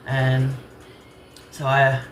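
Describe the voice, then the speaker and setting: A woman's voice: rumbling low, monotone, very slow, roomy sound, slight background noise. An American woman with a rural Southern accent, chatting casually and rambling as she cooks in her home kitchen, laughing easily. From United States. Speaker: cooking channel host.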